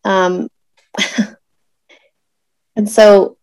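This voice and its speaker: A woman in her thirties recounts a painful personal story in an unhurried, conversational way. Her voice sits low for a woman, recorded close and dry with no room sound, and she pauses often and reaches for words. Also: fairly even intonation, a little mellow, no room sound. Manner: emotional, searching, many pauses and fillers. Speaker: guest telling a birth story.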